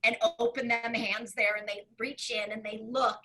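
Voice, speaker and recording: Bright, high-voiced woman telling a story. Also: normal speed, poor audio. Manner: expressive storyteller who acts out quoted voices, often laughing. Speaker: Broadway performer telling a story. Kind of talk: animated anecdote telling.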